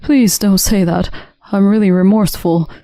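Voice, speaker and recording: A woman's voice: medium pitch, steady tone, normal speed, no room sound, lightly acted. A woman voicing a lying, cheating husband who makes flustered excuses and pleads, read as a storytelling voice-over. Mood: pleading. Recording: dry studio sound with soft music.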